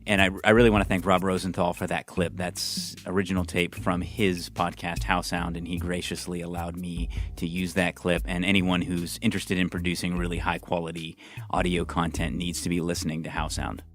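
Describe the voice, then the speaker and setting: A man's voice: deep voice, little pitch movement, brisk, fairly bright tone, soft background music. A man hosting a podcast, narrating earnestly between clips. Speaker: podcast host.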